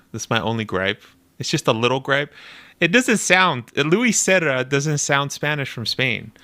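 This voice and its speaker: A young man casually commenting on a game trailer, animated and nitpicky, laughing often as he talks. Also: medium pitch, clean tone. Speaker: video reactor.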